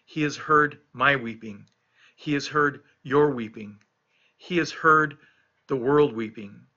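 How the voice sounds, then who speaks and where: A man's voice: medium pitch, unhurried, sharp tone, muffled recording. A middle-aged man, a pastor recovering from illness, giving an earnest devotional reflection on scripture, stressing and repeating key phrases.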